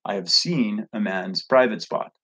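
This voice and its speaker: A man's voice: on the low side, measured pace, pushed and bright, breathy edge, exaggerated voice. A man voicing a nun at confession in his own plain voice, in a dull lo-fi recording. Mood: confessing.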